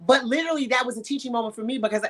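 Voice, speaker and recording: A sexologist guest on a radio talk show, this woman talks very fast in a slightly high voice. She tells stories candidly and emphatically, using slang and acting out the quotes with animation.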